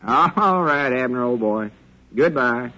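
An actor playing a folksy middle-aged country storekeeper, in an easygoing drawl, in 1940s radio acting. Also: male voice, medium pitch, animated, slow pace, sharp tone, poor audio. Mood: cheerful.

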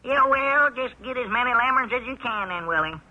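An actor playing an excitable, slow-witted country storekeeper and deputy, drawling and easily riled, in a 1930s radio comedy on a muffled recording. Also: male voice, extremely high pitch, full character voice. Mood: grumbling flustered.

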